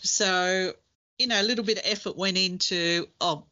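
A woman's voice: medium pitch, moderate pace, bright, forceful tone. A woman co-hosting a podcast in casual chat, thoughtful and easy to laugh, with hesitant fillers. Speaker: podcast co-host. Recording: dull lo-fi sound.

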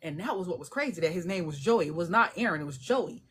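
A woman's voice: on the low side, lively intonation, fast, husky. A woman, an indie author, chatting casually and animatedly, acting out voices with laughter and salty language. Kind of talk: casual chat.

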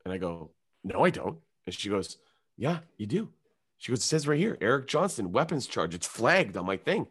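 A man's voice: lowish voice, brisk, breathy edge. A man, a comedian, telling a long story in casual chat, swearing freely and acting out the other people's voices. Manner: animated, swears a lot, acts out other voices. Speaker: comedian guest.

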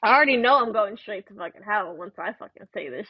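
Husky, gravelly New woman ranting. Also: medium pitch, lively intonation, fast talker, no room sound. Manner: profane, blunt, storytelling rant. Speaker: podcast host. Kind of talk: casual ranting monologue. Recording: dull lo-fi recording.

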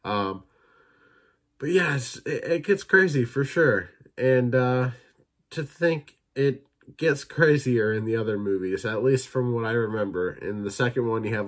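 A young man hosting a casual solo podcast, rambling and swearing as he retells movie scenes in quick impressions. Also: lowish voice. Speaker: podcast host reviewing films.

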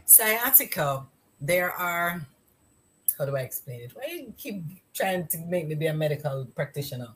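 A woman's voice: lowish voice, normal speed. A middle-aged woman, telling stories as a podcast guest and acting out the dialogue. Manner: lively storyteller, acts out quoted dialogue. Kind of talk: casual interview chat.

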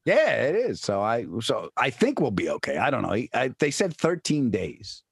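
A husky man spins an animated anecdote with lots of pitch movement. He jumps into high-pitched shouts when he plays his panicked friend. The sound is dry and close. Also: moderate pace, dry recording. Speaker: guest comedian and actor. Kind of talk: animated storytelling in casual chat.

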